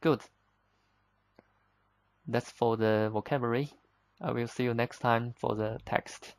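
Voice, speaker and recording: Slow, gravelly male language teacher. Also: medium pitch, steady tone, dry recording. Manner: patient, explains step by step with simple examples; plain, slightly broken English with frequent "uh". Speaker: Chinese teacher. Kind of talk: vocabulary lesson explanation.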